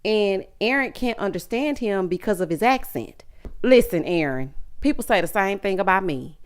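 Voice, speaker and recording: A woman's voice: mid-range voice, expressive, moderate pace. A woman with a Southern US accent, recapping a reality show in a sassy, chatty way with asides to her viewers. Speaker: recap vlogger.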